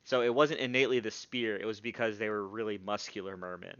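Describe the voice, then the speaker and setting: Smooth-voiced man running a tabletop game. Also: lowish voice, no echo. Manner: relaxed, halting narration with frequent fillers. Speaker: game master. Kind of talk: narrating a tabletop game on a live stream. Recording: dull, lo-fi stream audio.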